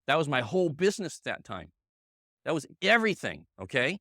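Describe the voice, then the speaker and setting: A middle-aged man with a bright, forceful voice, a little higher than most men, driving home a motivational sales training. He hammers his points by repeating them, keeps checking in with the room, and turns to colleagues by name. The sound is close and dry. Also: very animated, brisk, no echo. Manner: emphatic, repeats himself, checks in with "okay?" and "right?". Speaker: sales team leader giving a training. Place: meeting room with a live audience.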